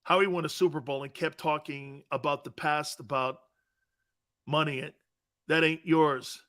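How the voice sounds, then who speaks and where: Sports radio guy ragging on someone, high bright voice, cracks himself up a lot. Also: steady tone. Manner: mocking, laughs often, mimics others in quick asides. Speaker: sports talk show host. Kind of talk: casual sports talk riffing.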